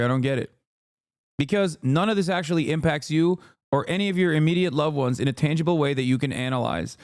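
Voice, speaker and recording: A man hosting a livestream, giving heated political commentary in a loud, profane, ranting way. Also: on the high side, dry recording, studio quality. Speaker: livestream host reacting to clips.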